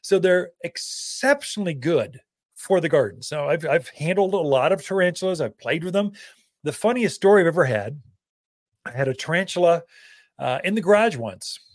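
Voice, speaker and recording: Animated folksy man hosting gardening radio. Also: a little high, normal speed, dry recording, clean studio sound. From Arizona. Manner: folksy and animated, with many fillers and loose asides. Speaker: gardening radio show host. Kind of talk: casual storytelling on a radio talk show.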